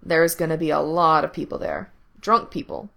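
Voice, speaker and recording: A woman voicing a teasing, possessive young man in control, speaking low and murmuring close to the ear. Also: very animated, moderate pace, gravelly, sharp tone, exaggerated voice. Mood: teasing, commanding.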